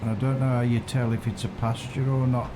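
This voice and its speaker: Male streamer, chatty and thinking aloud, mid pitch, steady hum of noise behind. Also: brisk. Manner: musing, unsure, chats with viewers. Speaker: game streamer. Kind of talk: casual live-stream commentary. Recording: constant background noise.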